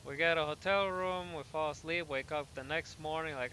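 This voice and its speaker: Animated storytelling man, bright voice. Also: fairly high pitch, moderate pace, a little hiss or hum. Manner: animated, lots of fillers and self-corrections. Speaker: gaming podcast host. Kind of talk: casual storytelling while gaming.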